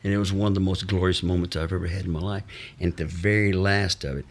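Man, very deep voice, husky, rambling storyteller, lots of uh's, acts out the people he quotes. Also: steady tone, quick pace. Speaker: guest telling life stories. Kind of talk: casual anecdotal storytelling.

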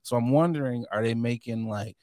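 Animated joking man in casual chat. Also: medium pitch, brisk, no room sound, studio quality. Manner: animated, joking, acts out quotes. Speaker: podcast co-host.

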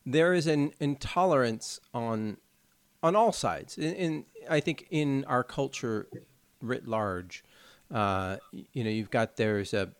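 A man's voice: mid-range voice, slow pace, clean tone, no echo. Podcast cohost guy, earnest, goes on explaining stuff, mid voice, dry close sound. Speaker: podcast co-host. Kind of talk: casual chat.

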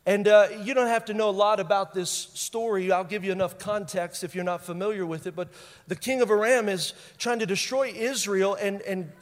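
A man with a high voice delivers a sermon as a pastor, and his voice rings with the long reverb of a large hall. He hammers home his points by repeating them. He swings from loud bursts to hushed intensity. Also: steady tone, a little fast. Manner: emphatic, repeats key phrases for effect.

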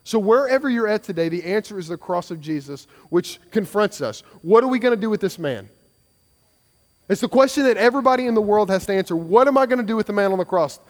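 A man's voice: high voice, animated, fast talker, in a large hall. A man preaching a sermon as pastor, earnest and conversational, with frequent restarts and repeated phrases.

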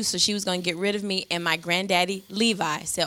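A woman's voice: fairly low pitch, steady tone, fast talker, hardly any pauses, pushed and bright. A middle-aged woman pastor preaching a sermon in a church, emphatic and passionate, her voice swelling as she makes her points.

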